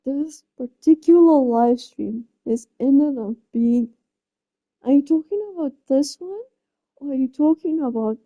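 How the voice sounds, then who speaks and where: A woman's voice: sits high, narrow, tinny audio. A woman live streamer chatting casually, flustered and exclaiming often as she laughs through her reactions. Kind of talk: casual chat.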